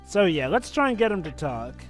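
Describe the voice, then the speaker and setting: A man giving opinionated, casual commentary on a game with friends, swinging between loud bursts and muttered asides. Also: high-pitched, big pitch swings, a little fast, soft background music. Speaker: let's play commentator.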